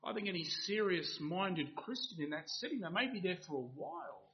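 A man delivers an earnest evening sermon, piling up emphatic rhetorical questions. His voice sits high and moves through a wide, lively range. The recording is dull and lo-fi. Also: brisk. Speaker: preacher.

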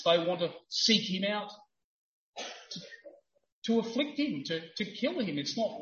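A man with a fairly high voice preaches a sermon, emphatic and rising to fervent peaks. The recording is dull and lo-fi, with the voice echoing around a roomy space. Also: lively intonation, measured pace, long pauses, pushed and bright, a little hiss or hum.

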